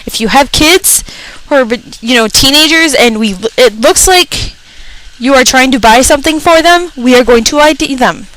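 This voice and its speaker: A woman's voice: high voice, expressive, moderate pace, fairly bright tone, poor audio. A young woman radio personality telling a comedic, profane rant about retail customers, acting out the people in her stories. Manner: exasperated, profane, acts out customers.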